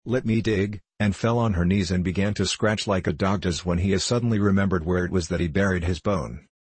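A man narrating a children's storybook in a steady, measured way. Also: deep voice, slightly rough, no room sound. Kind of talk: audiobook narration.

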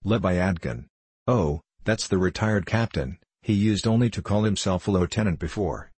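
A man's voice: deep voice, normal speed, a little mellow, husky, no room sound. A man reading a sly, gossiping sneerer. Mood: casual.

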